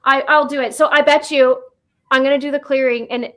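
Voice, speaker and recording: A woman with a high voice and a Nova Scotian Canadian accent, talking casually on a livestream. She rambles with plenty of fillers and restarts. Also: fairly even intonation, fairly quick, fairly bright tone. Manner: chatty, rambling, lots of fillers. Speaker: paranormal guest.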